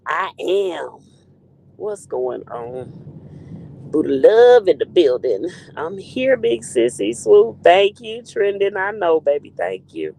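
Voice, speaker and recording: A woman's voice: lowish voice, big pitch swings, slow pace, vocal fry, warm tone, rough recording. A woman hosting a casual live stream, greeting viewers in the chat by name in a playful way.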